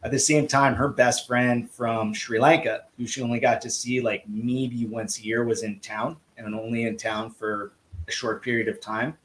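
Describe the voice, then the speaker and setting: Male guest, swim coach, casual anecdotal storyteller, lively delivery with acted-out dialogue. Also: medium pitch, moderate pace, low-quality recording. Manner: lively, acts out quoted dialogue.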